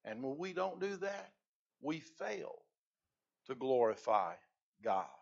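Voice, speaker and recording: A male preacher giving a sermon, rising loud on key phrases and dropping low between them. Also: very animated, slow, gravelly. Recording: dull lo-fi recording.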